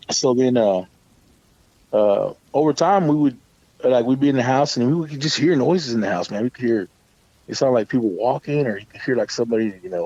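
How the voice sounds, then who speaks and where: Man, middle-pitched voice, rambling casual ghost story full of restarts, dry muffled lo-fi sound. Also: dark tone, no echo. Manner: rambling, many restarts and fillers, swears casually. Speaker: guest storyteller.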